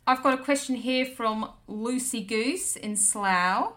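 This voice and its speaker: A woman's voice: a little high, slow, fairly bright tone. A woman voicing a chatty Australian midwife who reads out listener questions in a breezy, drawling way.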